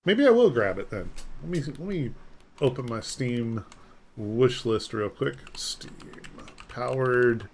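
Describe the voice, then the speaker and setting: A man talking casually on a live game stream, rambling along and poking fun at himself while he answers chat. His voice sits at an ordinary middle pitch, picked up close on a desk mic. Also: animated, takes it slowly, darkish tone, a little hiss or hum. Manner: rambling, self-deprecating, reads chat aloud and answers.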